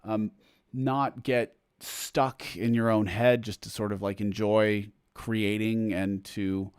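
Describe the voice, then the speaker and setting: A man's voice: fairly low pitch, level tone, slow pace, clean tone, no room sound, studio quality. A man hosting a casual livestream for his supporters, reading viewer comments aloud and rambling along with fillers and restarts. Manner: rambling, chatty, self-interrupting with fillers. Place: home room indoors.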